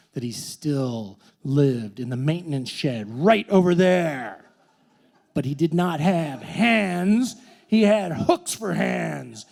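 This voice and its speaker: Storyteller: middle-aged man, high, very lively voice, playful, performs the screams himself. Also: gravelly. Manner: animated, playful, acts out screams. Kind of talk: live story slam telling.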